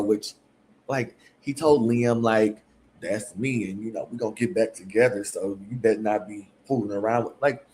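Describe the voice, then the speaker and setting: A man's voice: medium pitch, a little hiss or hum. A man hosting a casual reality TV recap, chatty and rambling with lots of fillers. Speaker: podcast host.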